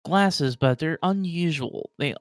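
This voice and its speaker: A man's voice: a little high, slow, no room sound, studio quality. A man running a tabletop game as game master, narrating in a rambling way with many fillers.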